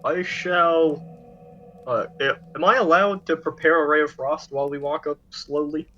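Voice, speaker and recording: A man with a bright, slightly high voice making goofy, chatty asides as a tabletop player. His mic comes through dull and lo-fi. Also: fairly even intonation, normal speed, soft background music. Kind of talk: casual tabletop game chat.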